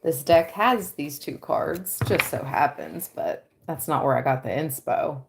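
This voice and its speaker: A woman giving a tarot reading on a livestream, dreamy and excitable, often breaking into giggles. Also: low-pitched, a little slow, gravelly, noisy background. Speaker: tarot reader.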